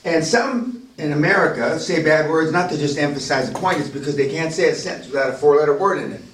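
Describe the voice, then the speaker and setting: A man leading a business seminar, talking bluntly and profanely and building to loud, emphatic bursts. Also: on the high side, quick pace. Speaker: seminar leader. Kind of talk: profane motivational seminar talk. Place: castle seminar room. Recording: echoey room, voice from far off.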